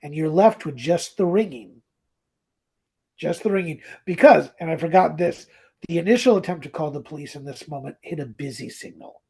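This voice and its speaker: Gravelly high-voiced man retelling a story. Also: moderate pace. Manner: animated retelling, acting out quoted lines. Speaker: podcast co-host. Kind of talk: casual chat.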